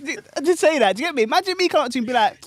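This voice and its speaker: A man hosting a casual podcast chat, telling stories in a slangy, animated way and laughing as he goes. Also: very high-pitched, racing. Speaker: DJ and podcast host.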